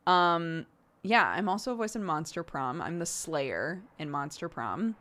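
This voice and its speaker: A woman's voice: sits low, expressive, a little slow, fairly bright tone. A woman who streams and voice-acts, chatting casually with her viewers and laughing often. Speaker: streamer and voice actor. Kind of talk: casual chat answering chat.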